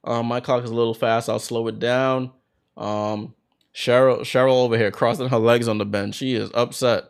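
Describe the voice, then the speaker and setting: Guy doing fan play-by-play on a watchalong stream, normal pitch, gets hyped on big plays. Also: moderate pace, gravelly, smooth. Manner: excited fan calling plays, bursts of hype.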